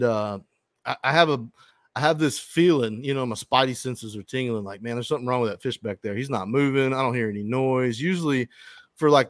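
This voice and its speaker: A man's voice: mid-range voice, no echo, clean studio sound. A man hosting a fishing podcast, telling a long story in casual chat, rambling and swearing often. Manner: rambling, profane, with frequent restarts.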